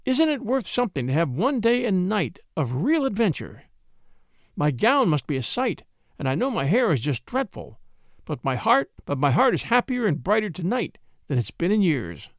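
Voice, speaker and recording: Spirited young society woman, storybook, male narrator raises his voice. Bouncy, lively delivery, dry close recording. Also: normal speed, no room sound. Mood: cheerful. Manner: raises pitch, lively and gentle.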